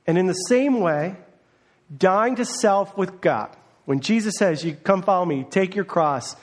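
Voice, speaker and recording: A man preaches a sermon in a loose, conversational way and slips into playful voices when he quotes people. His voice sits high for a man. He talks like a pastor speaking to his own congregation. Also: measured pace. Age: adult, parent of a young child.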